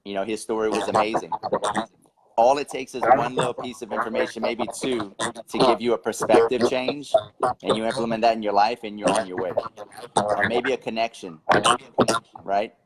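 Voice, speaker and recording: A man's voice: lowish voice, fairly even intonation, normal speed, pauses often, a loud crowd, poor audio. A man hosting a conversation, emphatically urging listeners to come to his event. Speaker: host, event organizer. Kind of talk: promotional conversation.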